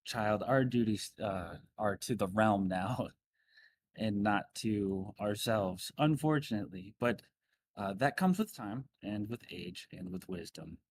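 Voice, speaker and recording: A man's voice: fairly low pitch, animated, slow, a little hiss or hum. A man playing an older noble lady in a fantasy game, gushing, stammering, nostalgic. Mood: fond. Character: emotional tipsy older noblewoman.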